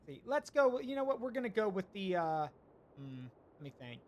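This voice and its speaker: A man's voice: sits high, very animated, normal speed, a little mellow. A man streaming a naval strategy game, thinking aloud with hesitations and chatting to his viewers. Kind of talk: live gameplay commentary.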